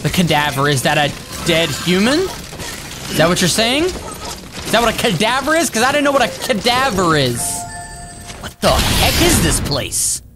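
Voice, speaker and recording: A man giving rambling, excitable let's-play commentary, talking to his viewers as he plays. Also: high voice, unhurried. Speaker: gaming YouTuber. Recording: game music behind.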